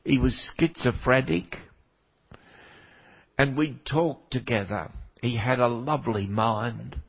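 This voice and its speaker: A man's voice: mid-range voice, takes it slowly, husky, dull audio. An older man preaching a sermon with a cold, speaking conversationally and making wry asides to the congregation. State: has a cold, coughing now and then.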